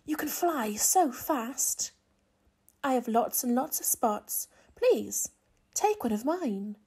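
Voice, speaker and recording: A generous caterpillar from a picture book gives kind encouragement in an easy, gentle voice, as a woman reads her. She speaks slowly, in a mellow tone. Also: a little high, expressive, slightly rough, heavily acted. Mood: encouraging. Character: friendly, generous female caterpillar.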